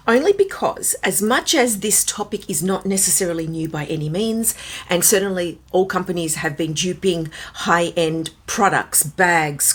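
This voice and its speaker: Raspy, chatty woman with a cold. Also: lowish voice. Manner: chatty, musing, wondering aloud. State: hoarse with a starting cold. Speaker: handbag reviewer. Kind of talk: casual vlog chat.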